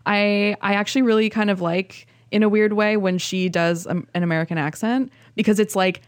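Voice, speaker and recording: A woman's voice: mid-range voice, steady tone, fairly quick, no echo, studio quality. Rambling woman co-hosting a podcast. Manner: rambling, restarts often. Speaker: podcast co-host. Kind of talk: casual chat.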